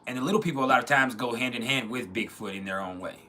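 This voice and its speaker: A man's voice: mid-range voice, quick pace, bright, forceful tone, a little hiss or hum. A man hosting a casual livestream, rambling, often restarting his sentences and reading out chat comments. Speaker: livestream host.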